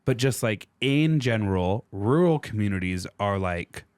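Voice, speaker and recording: Animated, sarcastic man on a dry mic. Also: on the low side, unhurried, dry recording. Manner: animated, sarcastic, swears freely, acts out quoted people. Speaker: podcast co-host explaining history. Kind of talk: casual podcast chat.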